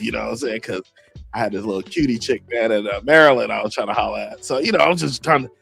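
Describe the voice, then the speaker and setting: A middle-aged man hosting a podcast, telling stories in casual chat and acting out the quotes with shouts. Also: mid-range voice, fast talker, gravelly, faint music behind. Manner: animated, acts out quotes with shouts. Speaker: podcast host.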